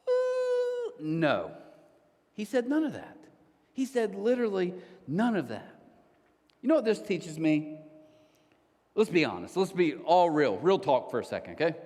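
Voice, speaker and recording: A man preaching a sermon as a pastor, telling a story casually with lively asides. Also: high voice. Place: church auditorium. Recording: long hall reverb of a church auditorium.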